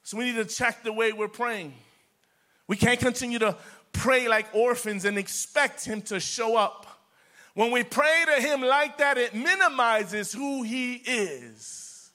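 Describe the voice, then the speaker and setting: A man preaching to his congregation in a high voice with a bright, forceful edge. He swings from near-whispers to loud declarations and drives his points home by repeating words over and over. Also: unhurried. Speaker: pastor. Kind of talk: sermon.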